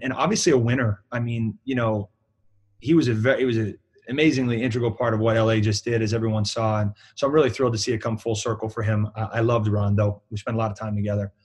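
A man's voice: medium pitch, steady tone, fast. A man with a New England accent, a basketball program director, telling a long anecdote in a casual interview with many fillers and restarts.

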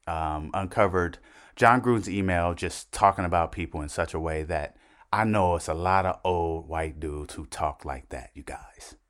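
Deep-voiced man rambling casually. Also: fairly bright tone. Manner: rambling, conversational, with asides and self-corrections. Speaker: podcast host. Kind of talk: casual solo commentary.

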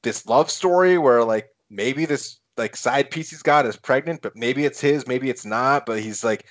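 A man co-hosting a casual movie chat, halting and restarting as he thinks aloud about the film. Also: medium pitch. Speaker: podcast co-host.

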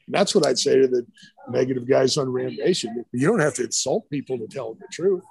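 A man's voice: medium pitch, fast, a little mellow, low-quality recording. A middle-aged man, a retired football coach, telling long rambling anecdotes in a casual interview and acting out what others said to him. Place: brewery.

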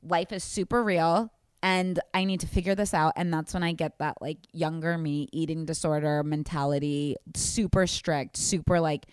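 A young woman with a lowish voice, talking in a relaxed, reflective way about inner life and cracking light jokes. Her voice sounds dry and close to the mic, with no room around it. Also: normal speed, smooth, no echo. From Kansas. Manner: reflective, spiritual talk with playful jokes. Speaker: podcast co-host. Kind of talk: casual chat.

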